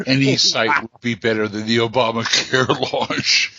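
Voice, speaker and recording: A man hosting a podcast in a loose, joking chat, often breaking into laughter. His voice is bright and slightly husky, with a lively swing, heard on dull, dry lo-fi audio. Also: medium pitch, measured pace, no room sound. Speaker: podcast host and game master. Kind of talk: casual chat.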